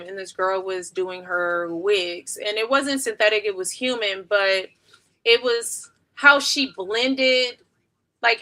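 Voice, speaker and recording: Woman in her thirties, beauty streamer at home; bright, loose, rambling delivery full of slang and asides. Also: medium pitch. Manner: rambling, chatty, slangy, laughs often. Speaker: beauty livestreamer. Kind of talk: casual live-stream chat during a wig tutorial.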